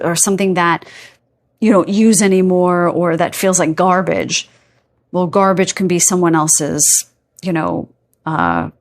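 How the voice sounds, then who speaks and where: A woman giving a casual pick-a-card tarot reading, chatty and rambling, often checking in with "okay?" and "right?". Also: fairly low pitch. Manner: rambling with playful filler sounds.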